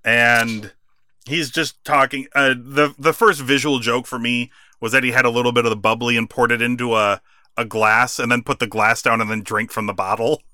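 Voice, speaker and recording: A man co-hosting a wrestling podcast, chatting casually, laughing often and acting out quotes with animated bursts. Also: mid-range voice, normal speed, no room sound, clean studio sound. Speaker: podcast co-host.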